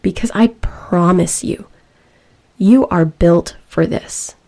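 A young woman with a slightly low voice speaks in a reflective personal talk. She is earnest and emotional, and she chooses her words slowly and deliberately. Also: warm tone.

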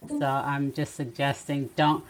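A middle-aged woman speaking as a podcast guest in casual conversation, reflective and gently advising. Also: very deep voice, little pitch movement, unhurried, a little hiss or hum, poor audio.

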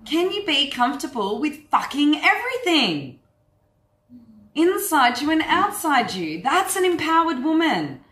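A woman's voice: high-pitched, very animated, a little slow, fairly bright tone. A woman coach giving a frank, earthy workshop talk to a group, swearing freely and speaking with animation. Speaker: women's empowerment coach. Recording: echoey room.

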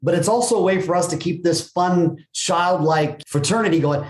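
Energetic middle-aged man, roomy echo. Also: on the high side, fairly quick, few pauses, slight background noise. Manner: energetic storyteller, casual swearing. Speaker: guest, business coach. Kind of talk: podcast interview.

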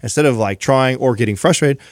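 A man's voice: medium pitch, a little fast, no echo, clean studio sound. A man in his thirties chatting casually on a podcast, rambling through a story with lots of fillers. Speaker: podcast co-host. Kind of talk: casual chat.

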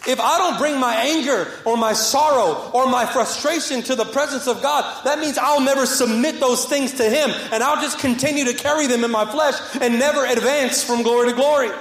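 High-voiced pastor preaching in an echoey room. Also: male voice, normal speed, hardly any pauses. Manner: impassioned preaching, repeats phrases, rises then drops to soft. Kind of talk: sermon. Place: church sanctuary with congregation.

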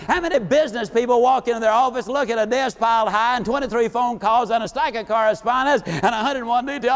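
A man giving a live motivational speech, folksy and animated, acting out quotes as he tells stories. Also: very high-pitched, a little fast, hardly any pauses. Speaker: motivational speaker.

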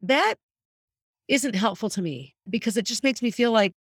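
A woman's voice: a little high, expressive, normal speed, no echo, studio quality. A middle-aged woman hosting a podcast, talking candidly and earnestly in a reflective monologue. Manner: candid and earnest, speaking openly about grief. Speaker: podcast host.

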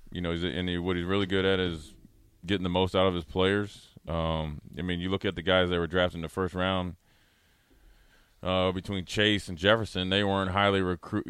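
A man hosting a casual sports talk show, talking at length in a relaxed way with many fillers and restarts. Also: low voice, clean tone, dry recording.

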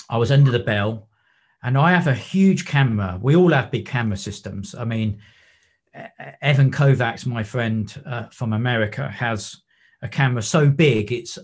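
A man's voice: mid-range voice, slightly rough. A man, a wreck diver and photographer, telling stories in a podcast interview. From England. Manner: animated anecdotes with acted-out quotes.

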